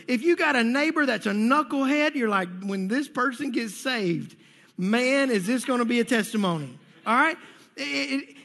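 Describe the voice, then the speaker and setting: A man preaching a sermon as pastor, energetic and conversational, with playful acted asides. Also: very high-pitched, gravelly. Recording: long hall reverb.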